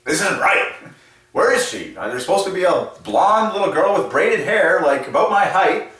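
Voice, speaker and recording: A man's voice: high-pitched, very animated, normal speed, fairly bright tone, distant mic, pitched above the performer's own voice. A man voicing an upset little boy ring bearer, asking fretful questions about where his partner is. The voice echoes in a room, away from the mic.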